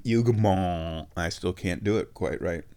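A man's voice: on the low side, unhurried. A man with stuffed-up sinuses hosting a podcast, talking in a casual, playful, digressive monologue while walking around his home. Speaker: podcast host. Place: at home, walking between rooms.

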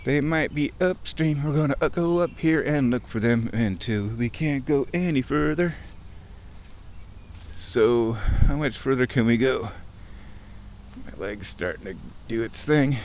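Man, playful outdoor vlog narration, middle pitch, walking along a creek, faint outdoor ambience. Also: slight background noise. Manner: playful and chatty, mimics sounds, chuckles often. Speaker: nature vlogger.

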